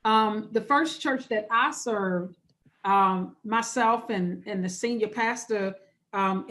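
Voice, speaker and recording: A woman pastor leading an interactive online workshop over a video call. She talks conversationally and repeats key phrases for emphasis. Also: a little high. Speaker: pastor leading a church webinar.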